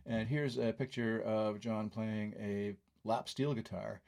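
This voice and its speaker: A man's voice: on the low side, fairly even intonation, slow, creaky, darkish tone. An older man reading his own film review aloud, with wry, conversational asides.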